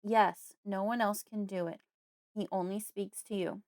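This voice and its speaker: Casting: a protective dad, stern and urgent, read by a woman narrator, in a flat, dry audiobook. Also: medium pitch, unhurried, no echo, close to an everyday voice. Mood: urging. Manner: stern, urgent, yelling at times. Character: distraught father shielding his young daughter. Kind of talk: audiobook character voice.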